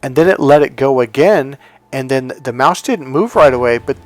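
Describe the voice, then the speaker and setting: A man's voice: mid-range voice, lively intonation, moderate pace, no room sound, faint music behind. A man who works as a dating coach tells a story in a casual monologue, emphatic and repeating key words.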